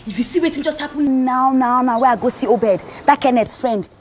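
A woman's voice: sits high, a little fast, a little hiss or hum, lightly acted. An actress playing a scheming young Nigerian woman who chats brashly in Pidgin. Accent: Nigerian, Pidgin-speaking. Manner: brash, lively Pidgin banter.

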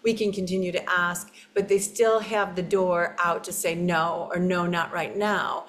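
Low-voiced woman speaking reflectively. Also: level tone, a little slow, a bit bright. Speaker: interview guest, equine therapist. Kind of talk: conversational interview.

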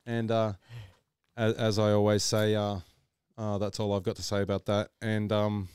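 Host: man, low-ish smooth voice, dry jokes, close dry mic. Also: monotone, moderate pace, darkish tone, dry recording. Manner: dry, joking, wraps up the show. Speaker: podcast host. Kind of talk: casual chat.

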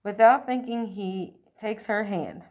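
A woman reading a children's picture book aloud. Her reading is expressive and lively, and she now and then slips on a word or clears her throat. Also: mid-range voice, slow pace. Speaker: storybook reader.

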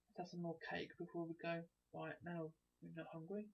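A gamer giving chatty, excitable let's play commentary, thinking aloud as they explore. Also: mid-range voice, fairly quick, creaky, few pauses. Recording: dull lo-fi recording.

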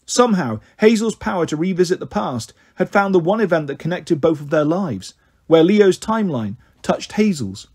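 A man narrating an audiobook in a steady storytelling manner. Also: fairly high pitch, moderate pace, breathy edge. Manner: steady storytelling, voices the characters' lines. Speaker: audiobook reader.

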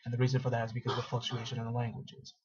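Husky young man on lo-fi webcam. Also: mid-range voice, completely flat delivery, very fast, darkish tone. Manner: casual, self-deprecating, stumbling restarts. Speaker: vlogger. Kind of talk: casual explanation to camera. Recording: dull lo-fi webcam audio.

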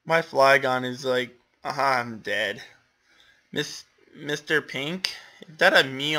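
Bright-voiced young guy commentating a game. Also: medium pitch, slow pace. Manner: self-deprecating, exclamatory, laughs often. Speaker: gamer commentator. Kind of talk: casual gameplay commentary.

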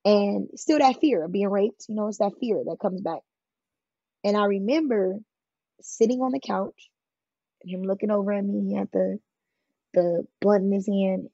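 A woman's voice: medium pitch, moderate pace, creaky, pauses often, warm tone, no echo, lo-fi sound. A woman guest telling her own life story in an interview, plain-spoken and emphatic, often acting out what others said. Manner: emphatic, plain-spoken, acts out quoted voices. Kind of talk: candid conversational storytelling.

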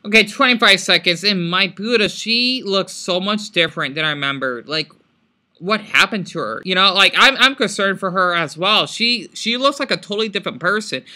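Reacting to news on his vlog, a man rambles off the cuff in a high-pitched, expressive voice that's bright and forceful, at a moderate pace. He's emotional and apologetic, curses when he gets upset, and ends lines with "okay?" or "right?"

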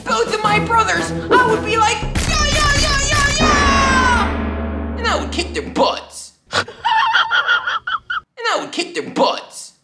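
A woman voicing an excitable young schoolboy who reviews toys, shouting, giggling and yelling karate cries. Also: extremely high pitch, unhurried, creaky, pauses often, full character voice. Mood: excited. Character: hyper young schoolboy toy reviewer with brothers. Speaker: toy reviewer. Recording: roomy echo with music behind.

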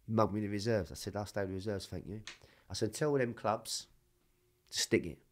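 A man with a low voice tells his stories with a lot of energy. He swears all the time and keeps the chat loose and casual. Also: a little fast. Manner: swears constantly, animated storytelling. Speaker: podcast guest.

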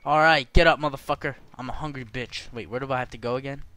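A man's voice: mid-range voice, fairly even intonation, fast, slight background noise. A young man doing gameplay commentary, cursing and trash-talking the characters on screen. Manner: profane, trash-talking, yelling at game characters. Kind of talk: let's play commentary.

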